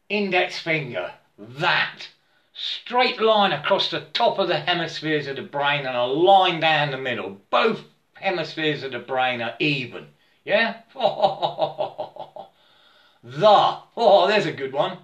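Slow, halting man in an echoey room. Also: on the high side, expressive, fairly bright tone. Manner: halting and repetitive, stammers and keeps asking "yeah?". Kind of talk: rambling spiritual monologue. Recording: roomy echo.

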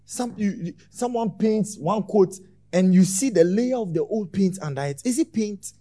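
A pastor preaching a scolding sermon, peppered with rhetorical questions. His voice sits a bit high for a man, and he swings from muttered asides to loud rebukes. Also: lively intonation, normal speed.

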